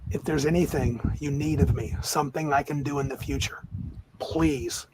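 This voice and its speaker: A man's voice: mid-range voice, steady tone, moderate pace, heavy background noise, natural voice. A man voicing an ancient male elf mage who speaks in a solemn, grateful, formal way with sighs.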